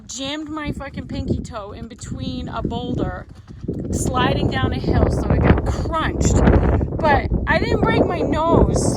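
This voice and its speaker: A woman hiking along a mountain ridge while vlogging, in pain from an injured toe, tearful and swearing at herself. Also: high-pitched. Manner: emotional, tearful, swearing, self-mocking. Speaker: long-distance hiker vlogger. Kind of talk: casual vlog while hiking. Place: outdoors on a windy mountain ridge. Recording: heavy wind noise on the mic.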